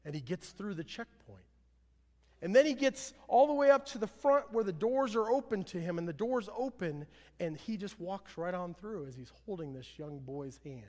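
A man preaching a sermon as pastor, earnest, swelling louder then dropping low at line ends. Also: animated, normal speed. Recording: long hall reverb.

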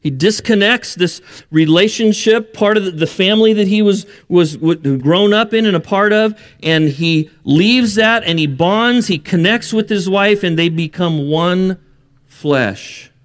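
A man's voice: high voice, a little slow. A man preaching a sermon, earnest and building to emphatic bursts, with joking asides. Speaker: pastor.

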